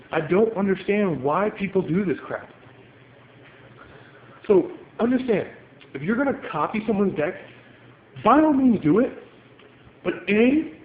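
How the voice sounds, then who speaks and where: A man ranting angrily at home, pacing as he talks and swearing often. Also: high voice. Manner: heated, profane, paces while talking. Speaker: card game player venting on video. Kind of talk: angry ranting monologue. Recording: tinny phone-like audio with room echo and faint hiss.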